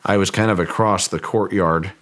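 A man being interviewed who recounts a story in a halting way and often repeats words as he goes. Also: low voice, fairly even intonation, a bit bright. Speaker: guest, ranch owner recounting a story.

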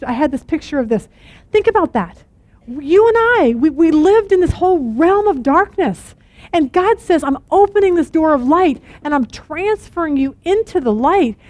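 A middle-aged woman teaching a women's Bible study, earnest and animated, repeating words for emphasis. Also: high voice, no echo.

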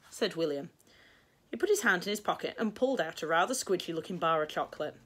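A woman with a Northern English accent reading a children's storybook aloud, lively and expressive. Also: lowish voice, fast, a little hiss or hum.

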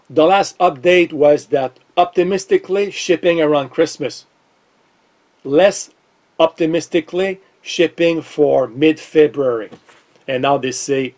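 A man with a French accent giving a casual, exasperated tech-vlog commentary, thinking out loud in disbelief. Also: on the high side, a little slow. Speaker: tech vlogger.

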